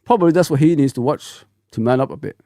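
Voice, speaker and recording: A man in his forties hosting a fan livestream, talking bluntly in an animated, ranting way full of slang. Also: fairly high pitch, fast, dry recording, studio quality. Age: 40s. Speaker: football fan channel host. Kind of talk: casual livestream rant.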